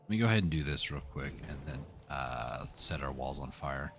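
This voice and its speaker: A man's voice: extremely low pitch, lively intonation, normal speed, a bit bright, a little hiss or hum. A man hosting a co-op gameplay session, chatting casually in a laid-back, teasing way. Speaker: let's play host.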